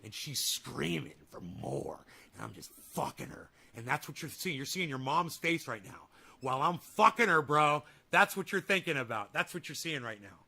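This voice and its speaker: A man's voice: on the high side, big pitch swings, normal speed, creaky, sharp tone. Crude, taunting livestream host man. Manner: crude, taunting, trash-talking. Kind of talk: casual livestream chat, reading viewer comments.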